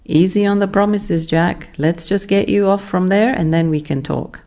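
A speaker acting out God as a calm, patient voice from above, reassuring and gently teasing a man in a told story. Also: mid-range voice, normal speed, voice pushed up, lightly acted.

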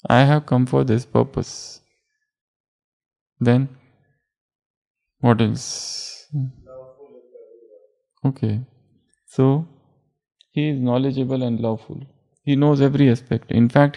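A man giving a spiritual discourse as a teacher, unhurried and repeating words for emphasis. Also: medium pitch, gravelly, mellow.

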